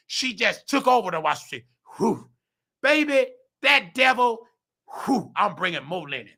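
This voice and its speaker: Gravelly high-voiced man ranting hotly. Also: lively intonation, moderate pace, pushed and bright. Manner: heated, preachy, slangy ranting; mimics other people's voices in quotes. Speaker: host; nursing assistant. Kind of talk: ranting vlog monologue.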